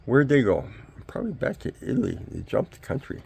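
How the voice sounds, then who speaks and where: A man's voice: medium pitch, huge pitch swings, a little fast, gravelly, a little mellow, breathy edge. An older man, ranting in a rambling vlog monologue full of rhetorical questions. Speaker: vlogger.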